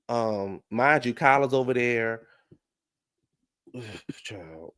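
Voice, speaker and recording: A man giving a sassy, gossipy casual recap of a reality show, talking back at the cast with a gravelly voice. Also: medium pitch, lively intonation, a little slow, fairly bright tone, dry recording, studio quality.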